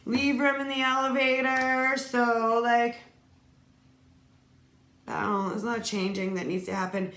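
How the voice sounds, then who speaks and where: A woman's voice: a little high, little pitch movement, unhurried, long pauses, a bit bright. Woman reading tarot cards aloud. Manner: reads card phrases aloud with casual asides. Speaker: tarot reader. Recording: echoey room, faint noise.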